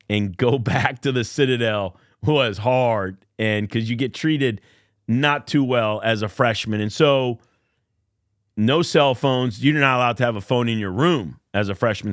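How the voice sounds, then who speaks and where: A man's voice: medium pitch, fairly bright tone, dry recording, studio quality. A man in his fifties, a college baseball coach, telling a personal story in an earnest, emotional way during a podcast interview. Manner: earnest, emotional storyteller who acts out quotes.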